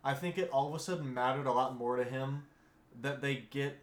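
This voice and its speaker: A man's voice: medium pitch, steady tone, brisk. A man chatting casually about a film, adding wry, joking asides. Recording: roomy echo.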